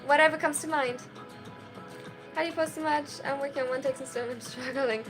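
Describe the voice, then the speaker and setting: A young woman chatting casually on a live stream, reading and answering chat messages in an excitable, tired way from a small dorm room. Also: high voice, normal speed, soft background music. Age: young adult. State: sleep-deprived, tired.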